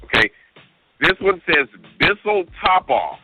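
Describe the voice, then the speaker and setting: A man's voice: medium pitch, big pitch swings, measured pace, long pauses. A man co-hosting a talk radio show, reading out listener emails with exasperated, disbelieving outbursts. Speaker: radio co-host. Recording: tinny phone-line radio sound with music.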